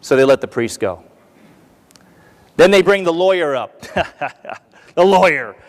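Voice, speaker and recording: An American man giving a conference talk as a keynote speaker, an animated storyteller who acts out what the crowd shouts. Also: fairly high pitch, slow pace, long reverb tail. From United States. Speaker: keynote speaker, retired army colonel. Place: large conference hall.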